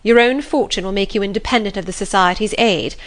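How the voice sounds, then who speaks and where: A woman reading the lines of a stern, cold young male clergyman in a grave, measured, reproving manner. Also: mid-range voice, natural voice. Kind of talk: audiobook reading.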